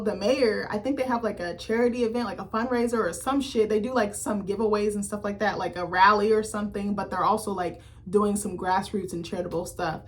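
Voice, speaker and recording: A young adult woman chatting casually on her vlog, animated and slangy, swearing freely and rambling off on tangents. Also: medium pitch. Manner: rambling, self-interrupting. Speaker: YouTuber reviewing a TV series. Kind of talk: casual chat.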